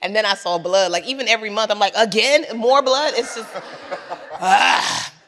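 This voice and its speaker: A woman in her thirties from Nigeria, telling animated, laughing stories on a stage panel and acting out other people's voices. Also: medium pitch, normal speed, a little hiss or hum. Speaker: panel guest. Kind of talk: storytelling on a panel. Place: large hall with an audience. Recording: echoey hall.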